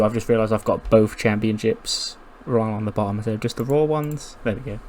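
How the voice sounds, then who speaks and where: A man giving casual, chatty commentary on a game playthrough, quickly acting out the characters. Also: fairly low pitch, steady tone.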